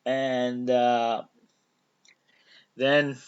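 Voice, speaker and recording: A man's voice: mid-range voice, measured pace, sharp tone, highs cut off. A man casually recapping a TV episode, rambling with fillers and restarts and loosely acting out the characters' lines. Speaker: recap vlogger.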